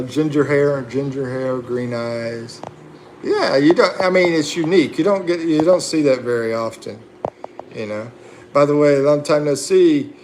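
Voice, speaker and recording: Reading out viewer comments and answering them with laughter and fillers, this male livestream host has a slightly high, slightly mellow voice. A bit of background noise is audible.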